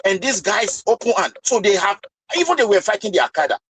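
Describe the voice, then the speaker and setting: A man's voice: sits high, animated, fast, a bit bright, slightly rough, no echo, rough recording. A man in a casual discussion, arguing passionately and firing off rhetorical questions.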